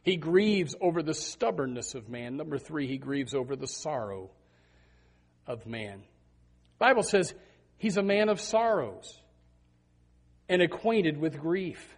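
A male pastor delivering an emphatic sermon in a slightly higher, husky voice. His pitch moves widely and expressively from phrase to phrase. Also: big pitch swings, takes it slowly, pauses often. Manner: impassioned, emphatic preaching.

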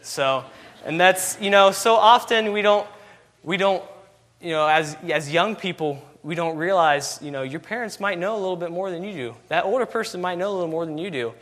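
A man's voice: high-pitched, moderate pace, fairly bright tone. A man preaching a sermon, asking repeated rhetorical questions with constant "you know" fillers.

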